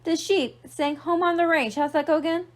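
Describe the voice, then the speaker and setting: A woman's voice: very high-pitched, steady tone, moderate pace. A young woman librarian reading a picture book aloud to children, playful and asking them questions. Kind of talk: storytime read-aloud for kids.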